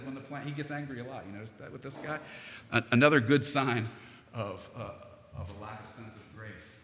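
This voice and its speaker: A man's voice: mid-range voice, sharp tone, slight background noise. A male pastor preaching an emphatic, repetitive sermon with frequent restarts. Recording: long church reverb, level drops far from mic.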